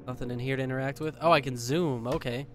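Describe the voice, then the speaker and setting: A man's voice: medium pitch, fairly even intonation, fast talker. A young man giving casual let's-play commentary on a horror game, profane, jokey and mock-tough. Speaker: gaming video host. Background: faint game piano music.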